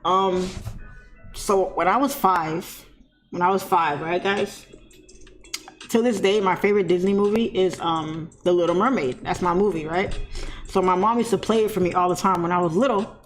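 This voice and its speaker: A woman telling a childhood story to her live-stream chat in a casual, animated way, laughing often and shrieking when she mimics other people. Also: fairly low pitch, moderate pace, faint music behind.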